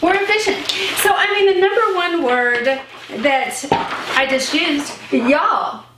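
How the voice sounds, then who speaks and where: Texan woman host, high pitch, playful explainer; room echo with a little hiss. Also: takes it slowly. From Central Texas. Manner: playful, explains each phrase. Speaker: vlog host. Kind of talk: casual chat. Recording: echoey room, mic at a distance.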